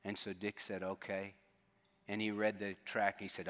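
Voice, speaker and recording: Male pastor, lowish voice, earnest storytelling sermon, long church reverb. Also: little pitch movement, moderate pace. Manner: earnest, drops to a hushed tone for quotes. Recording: long reverb of a large hall.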